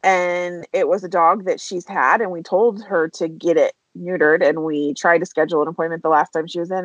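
A woman's voice: on the low side, steady tone, no echo, muffled recording. A woman co-hosting a veterinary podcast, talking candidly and openly about team morale in casual conversation. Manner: candid, fast-flowing, emotional. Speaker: podcast co-host, veterinary practice leader.

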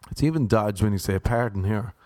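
A man's voice: on the low side, gravelly, a little mellow, no echo, clean studio sound. An Irish man rambling through a comic monologue, self-mocking and full of rhetorical questions. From Ireland. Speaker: vlogger.

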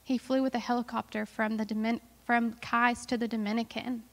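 A woman's voice: on the high side, little pitch movement, brisk, long reverb tail. A woman missionary giving an earnest, emotional testimony to a church, talking in a chatty way with fillers. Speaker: missionary guest speaker.

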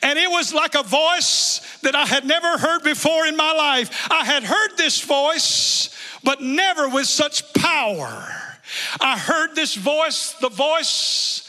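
Very high-voiced, bright-toned impassioned preacher man. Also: animated, slow pace. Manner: impassioned, shouting, repetitive calls for praise. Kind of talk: fervent sermon. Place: large church hall. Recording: long reverb from church hall.

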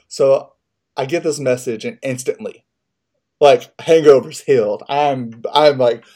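A man in casual podcast chat, spinning a long story in a loose, profane way. His voice sits at an ordinary middle pitch, and he laughs at his own misfortunes as he goes. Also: slow pace, darkish tone. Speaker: podcast co-host.

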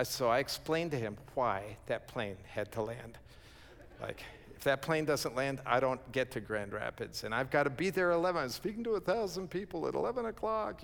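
A pastor telling a humorous story in a sermon, acting out the quoted lines and laughing at himself. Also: male voice, fairly high pitch, fairly bright tone. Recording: long reverb of a large hall.

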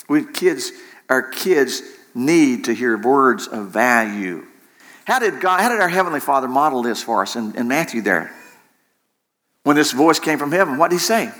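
A man's voice: mid-range voice, expressive, moderate pace, a bit bright. A man preaching a sermon in an impassioned way, repeating phrases for emphasis. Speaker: pastor.

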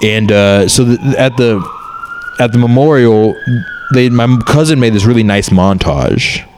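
A man's voice: medium pitch, unhurried, darkish tone, slight background noise. A man in his thirties, a comedian, talking candidly and rambling in a casual chat, swearing often.

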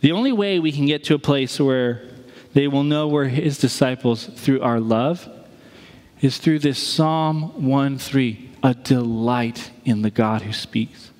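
A man's voice: medium pitch, a little slow, darkish tone. A male pastor preaching a sermon, telling stories animatedly and acting out the voices of people he quotes. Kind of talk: sermon with storytelling. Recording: long hall reverb.

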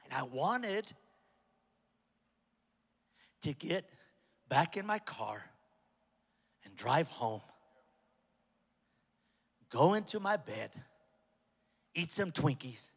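A male pastor preaching a sermon to a large church, impassioned and humorous, building up to shouts. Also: on the high side, very animated, takes it slowly, long pauses, slightly rough. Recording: long hall reverb.

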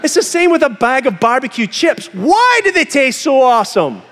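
A man preaching a sermon as pastor, animated and acting out quoted voices. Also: very high voice, moderate pace, in a large hall, a faint crowd.

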